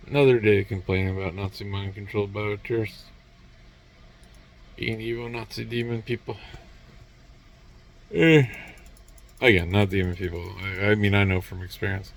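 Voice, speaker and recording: A man's voice: fairly low pitch, gravelly, fairly bright tone. A man vlogging alone in a rambling, sardonic monologue full of grunts and muttered asides.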